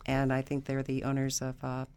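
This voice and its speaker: A man's voice: medium pitch, monotone, a little fast, a little mellow, smooth. Male radio host reading listener tips. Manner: takes calls and reads out listener tips. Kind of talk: call-in radio talk.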